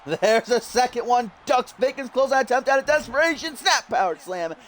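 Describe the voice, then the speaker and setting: Male play-by-play commentator for a wrestling video game, higher voice, jokey and prone to sudden shouting. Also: brisk, a little hiss or hum. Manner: jokey, yells in sudden excitement.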